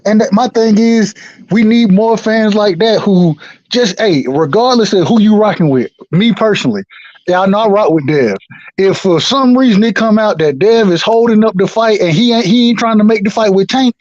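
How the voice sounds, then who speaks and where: High-voiced emphatic man, lo-fi. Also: moderate pace, no room sound. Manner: animated, emphatic, slangy. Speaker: podcast co-host. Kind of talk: casual boxing debate.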